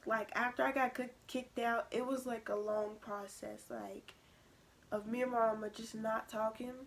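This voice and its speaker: A young woman vlogger telling a personal story in a casual, animated way, acting out what others said. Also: a little high, moderate pace. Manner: animated retelling, acting out quoted lines.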